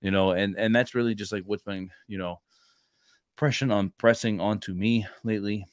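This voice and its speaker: A man's voice: fairly low pitch, fairly even intonation, moderate pace, dry recording, clean studio sound. A man co-hosting a casual faith podcast, telling rambling stories and acting out the dialogue in them. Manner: rambling storyteller, acts out quoted dialogue. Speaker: podcast co-host; Marine reservist.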